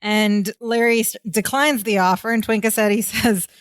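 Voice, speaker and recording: A woman's voice: mid-range voice, steady tone, normal speed, no room sound. A woman co-hosting a podcast, retelling sitcom scenes in casual chat and laughing often as she goes. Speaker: podcast co-host.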